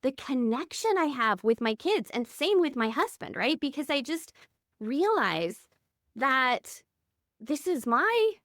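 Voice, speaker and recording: Woman, 30s, podcast guest, earnest, candid storytelling, slightly high voice. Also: big pitch swings, unhurried, a bit bright, no echo, clean studio sound. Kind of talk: reflective interview conversation.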